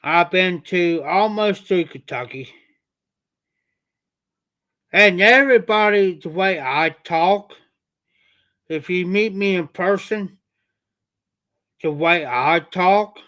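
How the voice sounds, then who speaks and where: Guy w a southern ohio drawl, kinda high voice, talks real slow and folksy to his stream. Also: pushed and bright. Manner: slow, rambling, folksy talk to viewers. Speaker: livestream host. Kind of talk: casual livestream chat.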